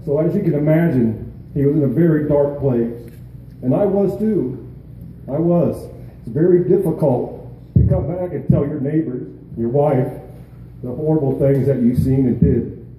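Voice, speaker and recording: A veteran speaking at an outdoor charity gathering, his voice deep and mellow in tone but pitched a little high. He talks haltingly, with pauses and fillers. The sound is echoey and distant, with a faint hiss behind. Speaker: veteran and peer mentor. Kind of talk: emotional speech at a charity event. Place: outdoor event in a canyon.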